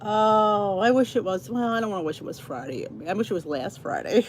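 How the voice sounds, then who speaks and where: A woman's voice: mid-range voice, animated, fairly quick, slight background noise. A middle-aged woman hosting a casual livestream chat, greeting viewers and reading their comments aloud. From New Jersey, US. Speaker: channel host.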